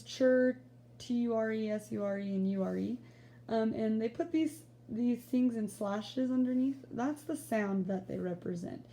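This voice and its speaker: A woman teacher walks through a recorded spelling lesson at an easy pace, dropping in casual fillers as she explains. Her voice is mellow and low in brightness, with a steady gravelly fry. A faint hum sits underneath.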